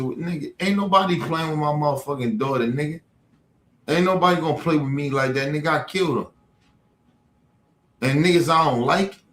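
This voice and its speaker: Guy ranting mad and cursing nonstop, kinda high voice, roomy echo. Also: fairly bright tone. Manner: profane, heated, threatening, repetitive. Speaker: livestream host. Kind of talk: angry ranting monologue. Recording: echoey room.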